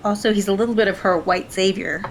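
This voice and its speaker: A woman's voice: medium pitch, steady tone, quick pace, slight background noise. A woman co-hosting a podcast, chatting casually in a blunt way, laughing and swearing. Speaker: podcast co-host. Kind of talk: casual chat.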